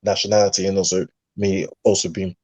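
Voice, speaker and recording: Earnest young London man, low voice. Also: flat delivery, a little fast, darkish tone, breathy edge, dry recording. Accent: London English. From England. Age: young adult. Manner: earnest, with frequent fillers. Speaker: guest. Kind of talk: casual chat.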